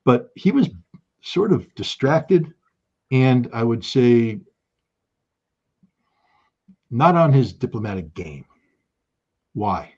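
A man giving an impassioned political monologue as a show host, emphatic and repetitive, with bursts of forceful insistence. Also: mid-range voice, very animated, slow, pauses often, breathy edge, dull audio. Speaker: political commentator.

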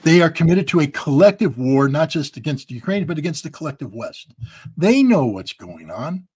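A man's voice: fairly high pitch, big pitch swings, moderate pace, a little mellow, husky. A man from the United States giving emphatic, blunt political commentary as a guest.

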